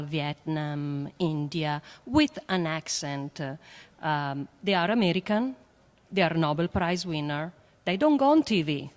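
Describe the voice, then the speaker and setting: Earnest French-accented woman, echoing hall. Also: sits low. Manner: earnest, emphatic, halting with many fillers. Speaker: panelist, astrophysicist. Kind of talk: panel discussion. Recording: long hall reverb.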